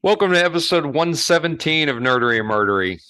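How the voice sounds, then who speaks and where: A man co-hosting a podcast in casual chat, rambling and halting, often breaking into laughter. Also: a little high, lively intonation, sharp tone, clean tone, dry recording, clean studio sound. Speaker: podcast co-host.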